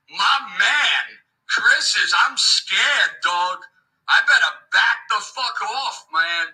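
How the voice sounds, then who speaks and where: A man from New York ranting in exaggerated street slang, mocking and swearing loudly. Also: high-pitched, lively intonation, slow, rough recording. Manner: loud, swearing. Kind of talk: profane taunting rant.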